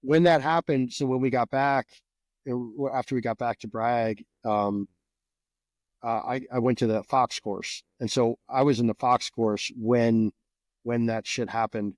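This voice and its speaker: A man's voice: mid-range voice, a little slow, no room sound. A middle-aged man from New Jersey, a veteran guest, telling stories casually with lots of swearing and repeated words. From New Jersey, USA. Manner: profane, animated, repeats words. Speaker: guest, Green Beret veteran. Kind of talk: casual storytelling.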